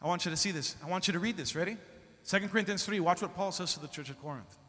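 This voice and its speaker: A male pastor preaching a sermon, moving from quiet talk to loud, fervent exhortation and dropping in Spanish phrases. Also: high-pitched, very fast, in a large hall. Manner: slips Spanish phrases into English.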